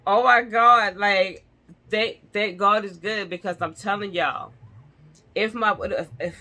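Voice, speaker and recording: A woman speaks in with a bright, forceful tone. She tells a story straight to her viewers in a loose, animated storytime style. She laughs often and keeps calling out to them. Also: fairly low pitch. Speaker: vlogger. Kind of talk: casual storytime chat to viewers. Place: indoors at home.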